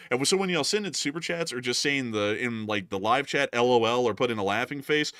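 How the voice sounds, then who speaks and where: A man hosts a news livestream in an easy, rambling way, full of filler words. His voice is bright and lively, moving up and down a lot, and the sound is dry and close. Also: medium pitch, fairly quick, few pauses, no echo. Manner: rambling, many "like" fillers, laughs easily. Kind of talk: casual livestream chat.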